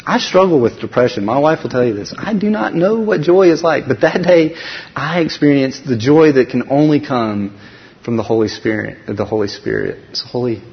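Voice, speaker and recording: A man speaking at a conference, telling a personal faith story with lively acted dialogue and frequent restarts. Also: medium pitch, normal speed, creaky. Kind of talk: personal testimony talk. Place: large conference hall. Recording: dull recording in a reverberant hall.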